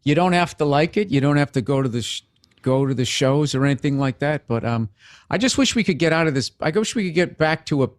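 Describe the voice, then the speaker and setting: Measured man answering an interview. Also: a little high, expressive, no echo, studio quality. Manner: measured, reasonable, conversational. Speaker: interview guest.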